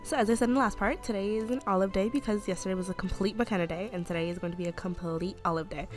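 A woman's voice: mid-range voice, racing, faint music behind. A woman hosting her gaming channel, chatting casually and gushing about her game character, with lots of "like" fillers. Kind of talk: casual gameplay commentary.

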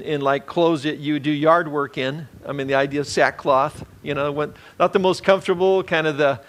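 A man preaching a conversational sermon as a pastor, relaxed and rambling, with many fillers and restarts. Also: fairly high pitch.

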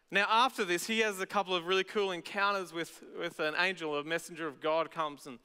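An Australian man preaches a sermon in a lively, conversational way, acting out everyday voices. His voice sits high and bright, smooth and resonant. A long hall reverb trails behind his words. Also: a little fast, hardly any pauses. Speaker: pastor. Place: large church auditorium.

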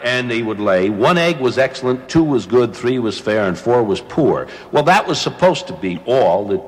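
Animated joking man, lively pitch. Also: moderate pace, long reverb tail. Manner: animated, joking, laughs often. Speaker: former radio host, now actor. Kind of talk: casual studio chat, storytelling. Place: radio studio.

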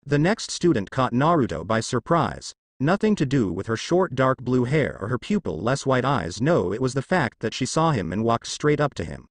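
A man's voice: medium pitch, big pitch swings, moderate pace, hardly any pauses, no room sound, studio quality. A man reading a fan fiction story aloud as narrator, voicing all the characters. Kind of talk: fanfiction audiobook narration.

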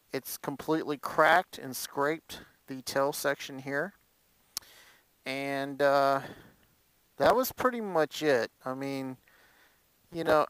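Casual male motorcycle vlogger with a smooth, dry voice who rambles with fillers. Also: mid-range voice, no room sound, low-quality recording. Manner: animated storytelling. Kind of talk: casual chat.

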